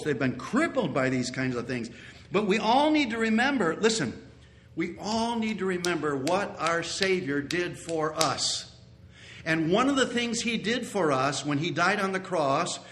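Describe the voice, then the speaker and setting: A pastor preaches a sermon in a fairly high-pitched voice. He is earnest, repeats key phrases, and sometimes builds to loud exclamations.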